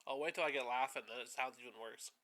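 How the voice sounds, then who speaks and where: A man hosting a live art stream, chatting casually with a nasal voice, excitable and quick to swear. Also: medium pitch. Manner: excitable, swears freely, chuckles often. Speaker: stream host.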